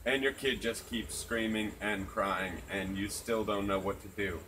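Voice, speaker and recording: A man talks in an earnest, reflective way, dropping swear words casually. His voice sits on the low side. Crickets chirp loudly around him outdoors at night. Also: fairly even intonation, a little slow, a little hiss or hum, rough recording. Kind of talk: casual chat.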